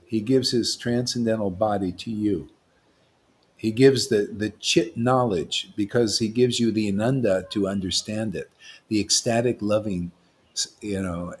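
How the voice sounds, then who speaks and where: A man preaching a devotional class in a fervent, rambling way, quoting verses, calling out to the listeners and often tacking "man" onto his lines. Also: medium pitch. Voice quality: excitable, loud bursts, laughs and shouts, slangy with "man".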